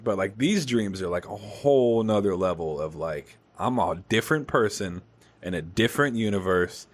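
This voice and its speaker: Podcast host, young man, low voice, animated casual storyteller. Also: normal speed. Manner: animated storytelling, swears freely. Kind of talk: casual chat.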